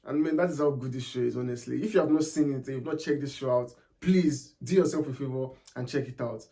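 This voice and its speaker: A man's voice: medium pitch, a little fast, mellow. A young man reviewing a TV episode in a casual, enthusiastic way, repeating words for emphasis. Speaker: TV series reviewer.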